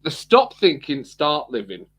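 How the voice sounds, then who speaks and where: A man's voice: on the high side, wildly swooping pitch, unhurried, fairly bright tone. A man co-hosting a podcast, chatting casually and rambling, repeating words and laughing often. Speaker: podcast co-host. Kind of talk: casual chat.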